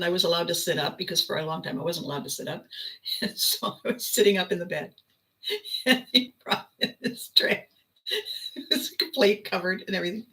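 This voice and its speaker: Bright-voiced older woman telling a story. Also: fairly low pitch, rough recording. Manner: animated, laughing often. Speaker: vlog host. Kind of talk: casual storytelling.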